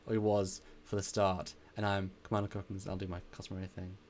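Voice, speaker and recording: Rambling live stream host. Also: male voice, sits low, flat delivery, quick pace, few pauses, a little mellow. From England. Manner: rambling, effusive, repeats himself. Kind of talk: casual live stream chat.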